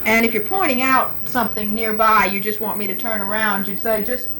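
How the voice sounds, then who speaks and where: A woman's voice: a little high, steady tone, a little fast, bright, forceful tone, low-quality recording. A woman interviewer who patiently prompts answers by starting sentences and leaving them for the other person to finish. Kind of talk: dialect survey interview.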